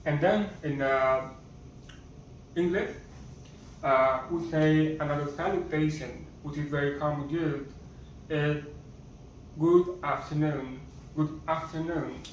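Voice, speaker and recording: Slow, patient man teaching, echoey room. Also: on the high side, steady tone, a little hiss or hum. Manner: slow, patient, repeats words. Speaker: language teacher. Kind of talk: slow language lesson. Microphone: camera or phone far from speaker. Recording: distant, echoey, muffled.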